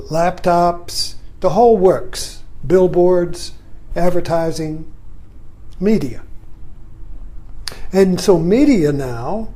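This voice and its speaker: This vlogger is an older man whose voice sits high and mellow. He drifts through a reflective, musing monologue, thinking aloud and often tossing in "you see."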